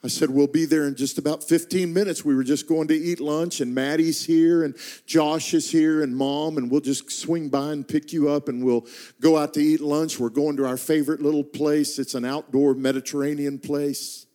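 A middle-aged man preaches, telling a personal story from the pulpit. His voice sits fairly high, often dropping to a slow hush before climbing with fervent force. He sounds like a pastor carrying a congregation through a moment of deep feeling. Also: fairly even intonation. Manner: builds from hushed, slow narration to impassioned, high-pitched intensity. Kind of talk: sermon storytelling.

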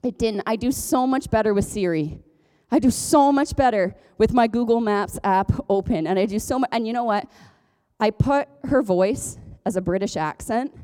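A woman pastor from Ontario, Canada, with a fairly high, mellow voice delivers a conversational sermon at a moderate pace. She's chatty and self-deprecating, joking and laughing often as she goes.

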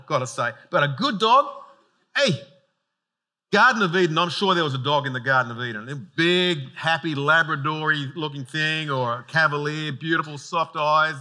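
A man preaching a sermon in a relaxed, conversational way, slipping in humorous asides. His voice is very bright and ringing, sitting slightly high for a man. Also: normal speed. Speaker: pastor.

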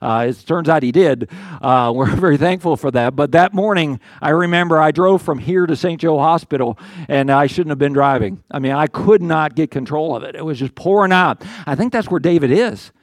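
A pastor, an older man with a fairly high voice, preaches at normal speed in an earnest, conversational manner. He restarts frequently as he works through his points and dramatizes quotes from the psalmist, and the sound is close and dry with no echo.

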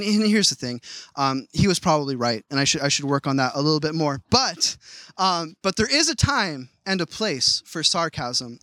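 A man's voice: high-pitched, pushed and bright, dry recording. A man preaching a sermon in a conversational way, often restarting his words. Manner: conversational, frequent stammered restarts. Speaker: pastor.

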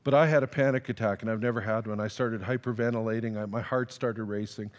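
A man's voice: lowish voice, steady tone, fast. A man preaching a sermon, telling a personal story in a conversational, self-deprecating way and acting out the dialogue. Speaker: pastor. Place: church sanctuary. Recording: long reverb of a large hall.

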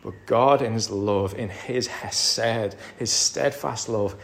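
A man's voice: medium pitch, takes it slowly, vocal fry, hardly any pauses, slight background noise. A man preaching a sermon, building to emphatic peaks and dropping to near-whispers. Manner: rises to emphatic crescendos, drops to near-whisper. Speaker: pastor.

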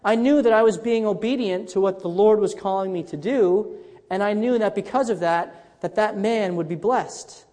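A man's voice: sits high, moderate pace, dark tone, big-room sound. A man pastor preaching a sermon in a conversational storytelling way, often restarting his sentences.

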